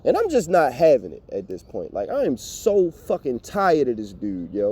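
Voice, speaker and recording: A young man telling a storytime vlog rant, animated, profane and exasperated. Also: mid-range voice, moderate pace, hardly any pauses, husky. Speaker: vlogger.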